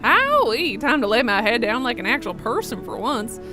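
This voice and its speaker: A woman putting on a folksy male survivor from a horror game, hearty and talkative in a thick Southern drawl. He sounds a touch high and lively, and music plays behind him. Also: normal speed. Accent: put-on American Southern.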